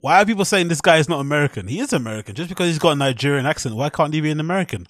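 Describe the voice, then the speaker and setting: A man hosting a podcast, reacting to a clip in casual, animated commentary full of swearing and mocking quotes. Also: on the high side, racing, no room sound, studio quality, faint music behind. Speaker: podcast host reacting to clips.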